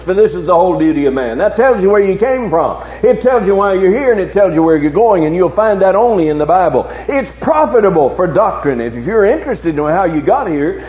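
A male preacher giving a sermon, swinging from low hushed tones to loud, emphatic challenges with repeated rhetorical questions. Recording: echoey, dull recording with faint hum.

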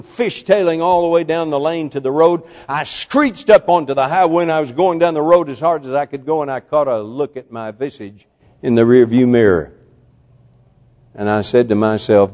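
An older man preaching a sermon, telling stories, swinging from loud and high to hushed. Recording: long hall reverb.

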